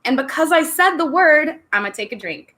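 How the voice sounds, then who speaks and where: A woman's voice: high voice, animated, a little fast, sharp tone. Bubbly woman chatting on a livestream. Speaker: livestream host. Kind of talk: casual livestream chat. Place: home room.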